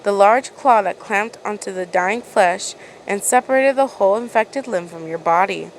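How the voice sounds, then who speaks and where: A woman's voice: mid-range voice, moderate pace, slight background noise, rough recording. A woman with a mid-range voice reads a second-person story aloud in a casual, unpolished way. She often trips over words and goes back to fix them. Her delivery sounds homemade rather than performed. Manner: casual reading, frequent stumbles and restarts. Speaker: fan fiction reader.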